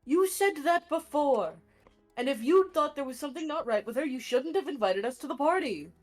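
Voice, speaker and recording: A woman playing a tabletop game, arguing her character's case and quick to object. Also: sits high, lively intonation, faint music behind. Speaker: player. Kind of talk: casual tabletop role-play.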